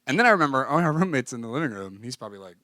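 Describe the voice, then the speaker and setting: A man giving a church talk, telling a personal story in a lively way and acting out the conversations. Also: medium pitch, racing, no echo, clean studio sound. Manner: animated, acts out conversations, frequent "like". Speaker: speaker at a church gathering.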